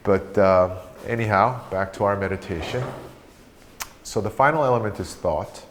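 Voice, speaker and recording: A man leading a guided meditation, speaking slowly and calmly as he teaches breathing and a question practice. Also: on the low side, a little hiss or hum. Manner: slow, calm guiding voice.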